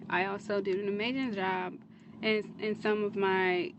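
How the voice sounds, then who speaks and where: A woman's voice: mid-range voice, little pitch movement, moderate pace, highs cut off. A woman speaks to camera in an earnest, defensive monologue. She rambles from point to point in a mid-range voice, and faint noise sits behind her. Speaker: social media creator in a played clip.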